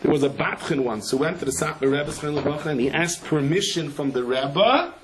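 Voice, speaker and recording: A rabbi teaching a Torah class, his voice sitting a little high for a man. He tells stories with animation, drops in Hebrew and Yiddish terms, and puts on the voices of the people he quotes. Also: lively intonation, fairly quick, a crowd in the background, rough recording. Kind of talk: storytelling Torah lecture.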